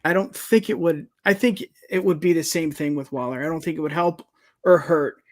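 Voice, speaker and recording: A man's voice: a little high, normal speed. A man co-hosting a wrestling podcast, chatting casually and hyping things up. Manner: hype-man, energetic sign-offs. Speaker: podcast co-host.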